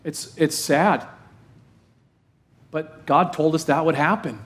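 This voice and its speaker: Emphatic preaching pastor, raised voice. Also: male voice, fairly high pitch, fairly even intonation. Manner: rhetorical questions, emphatic repetition, dramatic pauses; slows down heavily to stress key phrases. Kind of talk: sermon.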